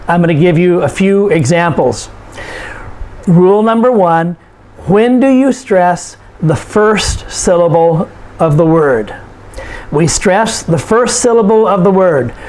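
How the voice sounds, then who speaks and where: Patient male English teacher, high voice. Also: a little mellow, poor audio. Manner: patient, repeats words and rules slowly for learners. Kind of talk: slow, deliberate lesson to learners.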